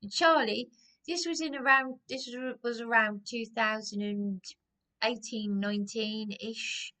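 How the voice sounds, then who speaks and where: A woman's voice: a little high, fairly even intonation, a little slow, sharp tone. A woman ranting about personal grievances in a rambling, agitated way, often repeating herself. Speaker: vlogger. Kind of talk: aggrieved personal rant to camera.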